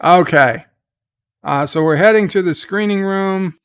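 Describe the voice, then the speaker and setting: A middle-aged man hosts a live reaction stream, narrating what happens on screen as casual commentary. He talks slowly and rambles, with plenty of fillers and restarts. His voice is smooth and clear and sits a little high for a man. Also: fairly bright tone.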